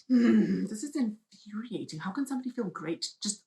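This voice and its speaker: A woman's voice: mid-range voice, animated, normal speed, few pauses, dark tone, echoey room, low-quality recording. Emotional woman telling her story. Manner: emotional, dramatic retelling. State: pregnant. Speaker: vlogger. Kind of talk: personal story vlog.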